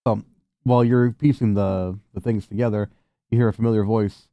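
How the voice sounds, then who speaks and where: Game master, male, lowish voice, relaxed, curses, dry close mic. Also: fairly quick, no echo, lo-fi sound. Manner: laid-back, swears freely, laughs often. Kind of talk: narrating a tabletop game over voice chat.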